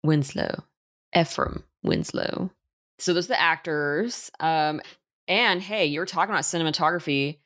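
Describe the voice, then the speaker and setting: A woman's voice: sits low, normal speed, a bit bright, dry recording, studio quality. A woman co-hosting a casual movie podcast, chatty, with lots of fillers and restarts. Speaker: podcast co-host.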